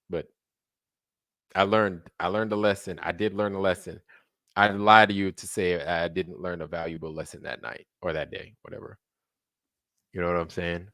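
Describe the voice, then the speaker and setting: A man's voice: sits low, sharp tone, dry recording, studio quality. A man hosting a late-night livestream, rambling casually and profanely while answering viewers in the chat. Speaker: livestream host.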